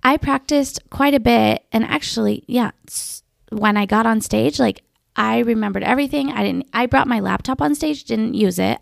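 A woman in her thirties telling stories in a chatty, animated way and swearing freely. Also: on the high side, gravelly, no echo, clean studio sound. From Georgia, USA. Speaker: guest. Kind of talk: casual storytelling.

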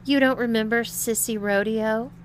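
A woman voicing a mean young woman with a husky voice who taunts and mocks. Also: a little high, steady tone, moderate pace, slight background noise, pitched above the performer's own voice, lightly acted. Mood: taunting. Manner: mocking, teasing.

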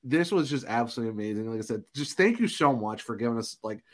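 A man co-hosting a fan podcast, talking enthusiastically and thanking his guest warmly. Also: mid-range voice, lively intonation, fast talker. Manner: enthusiastic, gushing, says 'oh my gosh'. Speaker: podcast co-host. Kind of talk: casual chat.

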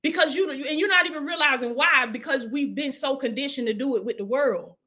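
Woman preacher with a high voice, casual sermon delivery that swings between urging and soft prayer. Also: a little fast. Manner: preaching with call-and-response, dropping to hushed prayer.

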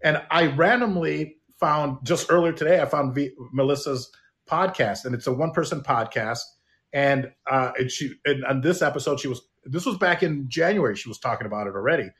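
A man's voice: mid-range voice, fairly quick, fairly bright tone. A man in casual conversation who rambles and hesitates, with many fillers and repeated words.

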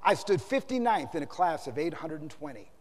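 A man's voice: a little high, big pitch swings, brisk, long reverb tail. A man voicing an earnest young male naval officer answering his superior. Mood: proud.

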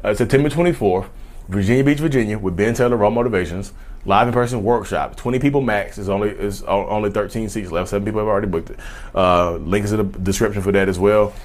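A man talking casually to camera in a vlog, animated, addressing viewers as "y'all" and slipping into mocking voices. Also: lowish voice, fast. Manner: loose conversational speech, says "y'all" often. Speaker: YouTube host.

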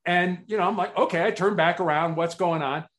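Middle-aged man, from Chicago, animated storyteller, raised pitch, interview guest. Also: a little fast. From Chicago, United States. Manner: animated storyteller, acts out quotes. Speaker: guest, motivational speaker.

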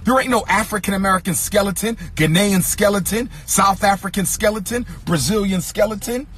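A man giving an impassioned speech, repeating lines in an emphatic rhythm and sometimes singing or shouting phrases. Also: sits high, fairly quick, faint music behind. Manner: occasionally sings or shouts phrases. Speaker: speaker addressing an audience.

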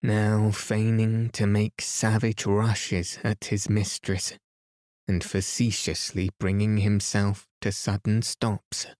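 Slow, soothing male bedtime reader. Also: lowish voice, no room sound, clean studio sound. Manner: calm, soothing and measured. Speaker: podcast host and reader. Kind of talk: bedtime story reading.

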